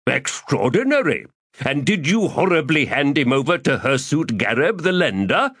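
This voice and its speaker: A man's voice: fairly high pitch, big pitch swings, moderate pace, a bit bright, slightly rough, no echo, studio quality, voice pushed up, heavily acted. A man voicing a pompous, chubby male schemer who speaks in grand archaic phrases and calls himself by name. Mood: theatrical. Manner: grandiloquent archaic speech, refers to himself in third person. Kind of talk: audiobook character voice.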